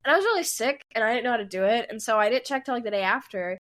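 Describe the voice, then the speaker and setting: A woman in her twenties co-hosting a podcast, telling a story in a casual, animated way, often laughing and acting out the people in it. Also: fairly high pitch, rapid-fire. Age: 20s. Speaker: podcast co-host.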